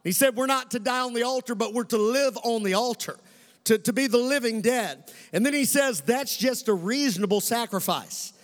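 A man in his forties from Western Kentucky with a Kentucky accent, preaching a sermon as pastor, slowing for emphasis and calling on the congregation. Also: very high-pitched. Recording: reverberant hall.

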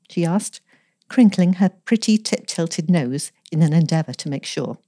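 A woman reading a story aloud in a measured, gently expressive way, giving the characters light voices. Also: low-pitched, no echo, clean studio sound. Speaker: story reader.

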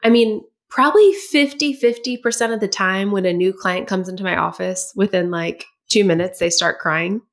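A woman's voice: medium pitch, moderate pace, few pauses. A woman hosting a podcast, talking reflectively and affirming her guest with frequent "yeah" and "like". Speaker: podcast host. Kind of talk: podcast conversation.

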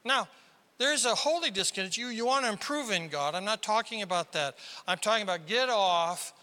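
A man preaching a sermon as pastor, animated and emphatic, with sudden high exclamations. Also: fairly quick. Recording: long hall reverb.

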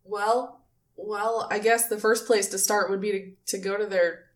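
A woman's voice: medium pitch, fairly even intonation, unhurried, recorded from a distance, close to an everyday voice. A woman voicing a hesitant young male tiefling who puts on a tough front. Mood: unsure. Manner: unsure, full of questions.

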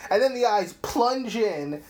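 A man's voice: high-pitched, a little slow. A young man co-hosting a casual film podcast, rambling through a movie recap with lots of swearing. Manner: rambling, profane, animated storytelling. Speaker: podcast host.

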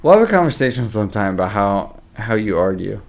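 Animated, swearing man co-hosting a podcast. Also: lowish voice, fairly quick, heavy background noise. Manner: animated storyteller, acts out quotes, swears a lot. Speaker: podcast co-host. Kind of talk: casual podcast chat.

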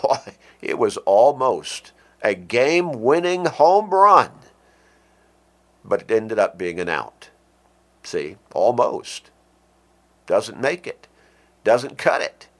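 A middle-aged man preaching an earnest radio sermon, with slow, deliberate stresses on key words. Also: mid-range voice, sing-song, a bit bright.

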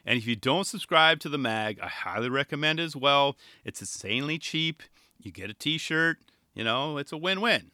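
Excitable young man riffing, lively pitch. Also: normal speed, no room sound, studio quality. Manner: excitable and rambling, full of rhetorical questions. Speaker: skateboarding commentator. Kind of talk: casual solo commentary.

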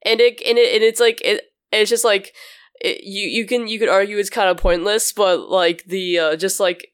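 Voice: mid-range voice, steady tone, moderate pace, fairly bright tone, clean tone, no room sound, clean studio sound. A co-host in a casual film review, rambling with many fillers such as "like" and "um". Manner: rambling, heavy use of "like" and "um".

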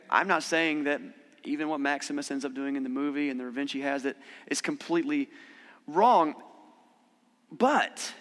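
A man preaching a conversational sermon, animated when he acts out quoted voices. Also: on the high side. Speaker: pastor. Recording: long hall reverb.

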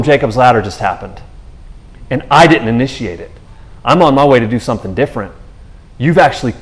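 A man preaching in a loose, conversational podcast style, telling scripture stories in an animated way with slang and frequent restarts. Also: mid-range voice.

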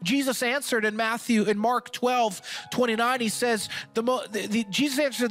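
A man's voice: very high-pitched, fairly even intonation, moderate pace, hardly any pauses, fairly bright tone, faint music behind. A man pastor preaching a sermon with passion, often restarting and stammering as he presses his points.

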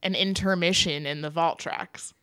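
Bright, clear-voiced woman podcast host. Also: fairly low pitch, normal speed, no room sound, studio quality. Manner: enthusiastic, expressive fan talk. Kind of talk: casual chat.

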